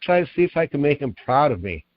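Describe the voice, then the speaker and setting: Brief: male guest storyteller, mid pitch, lively quoted lines, dry dull-sounding recording. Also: fast talker, no room sound. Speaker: author and guest. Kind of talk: storytelling in an interview.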